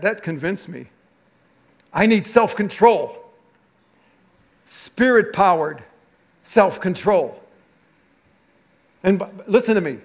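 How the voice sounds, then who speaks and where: A middle-aged man, a pastor, preaching a sermon through an animated, confessional personal story. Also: high-pitched.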